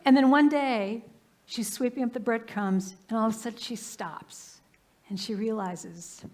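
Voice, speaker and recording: A woman's voice: a little high, measured pace. A woman minister giving a sermon in a live church service, telling everyday stories in a conversational way and often saying "you know.". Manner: conversational, warm anecdotes with frequent "you know". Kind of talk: storytelling sermon.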